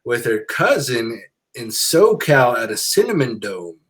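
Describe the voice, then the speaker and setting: A middle-aged man hosting a podcast, relaxed and hesitant with many fillers, reading out listener comments. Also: medium pitch, unhurried. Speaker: podcast host. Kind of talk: casual chat.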